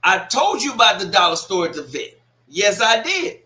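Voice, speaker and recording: A man's voice: high voice, sing-song, normal speed, bright, forceful tone. A man hosting a sports watch party livestream, reading comments aloud and scolding a troll with laughs and swearing. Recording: echoey room.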